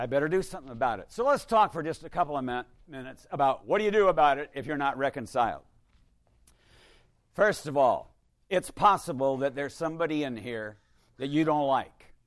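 An older male priest delivers a sermon with a slightly raised pitch. He talks to the congregation in a conversational, wry way, and he swings from emphatic bursts to hushed asides. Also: dry recording. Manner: conversational, wry, rises to emphatic bursts then drops quiet.

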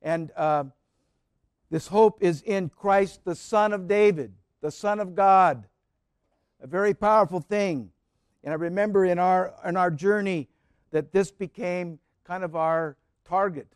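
Male preacher, high pitch, dry close sound, tells stories and swings from fervent cries to soft asides. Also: measured pace, clear, resonant tone, no echo. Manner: storytelling, rising to fervent cries then dropping soft. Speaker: pastor. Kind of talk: sermon.

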